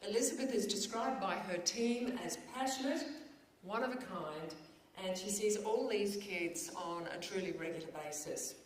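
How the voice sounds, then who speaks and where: A woman's voice: mid-range voice, normal speed, slight background noise. A woman hosting an awards ceremony, reading prepared remarks with a few fillers and ad-libs, on stage at an event venue. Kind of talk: formal presenting with ad-libs. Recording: echoey hall, faint ambience.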